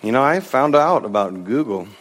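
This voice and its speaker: A pastor in his thirties delivers an animated sermon at a medium pitch, sometimes slipping into a casual voice to act out the disciples. His voice rings through a large sanctuary, and a long reverb trails each phrase. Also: moderate pace.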